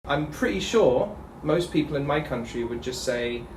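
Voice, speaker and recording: A man's voice: mid-range voice, animated, moderate pace, a little mellow. Brief: London-accented man, jokey teacher in casual chat, picked up from across a noisy, echoey room. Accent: London English. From England. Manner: joking, playful teasing. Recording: roomy, distant mic, noisy.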